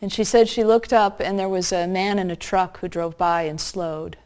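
A woman preaching a sermon, telling a story earnestly and slowing down to stress key points. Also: on the low side, fairly even intonation, a little mellow, clean tone. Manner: earnest, slows down for emphasis.

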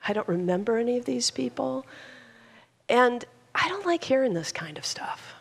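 A frail elderly mother speaking in a hushed, gentle voice, as a woman preacher acts her out. Her lines are quiet and slow, with a faint gravelly texture. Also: on the high side, very animated, voice pushed up, full character voice. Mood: firm.

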